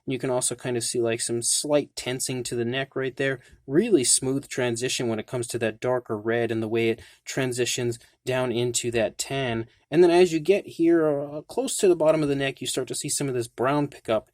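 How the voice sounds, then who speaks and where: A man's voice: medium pitch, moderate pace, hardly any pauses, darkish tone, no echo, clean studio sound. A man hosting his own channel, giving an enthusiastic, detailed product review in a casual tone, often saying "like". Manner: enthusiastic, detailed, frequent "like" fillers. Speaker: toy reviewer, channel host.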